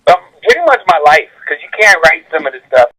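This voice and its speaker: A man talks as a guest on a comedy interview show, bursting with energy. His voice sits a little high and rings bright and forceful. He laughs his way through long, animated stories. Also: fast, breathy edge, rough recording. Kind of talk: animated storytelling.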